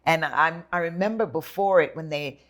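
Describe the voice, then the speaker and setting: An older woman telling her story in an interview, lively and dramatic, acting out the voices of others. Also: low-pitched, moderate pace. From Jamaica and United States. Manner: animated storyteller, acts out voices. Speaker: guest.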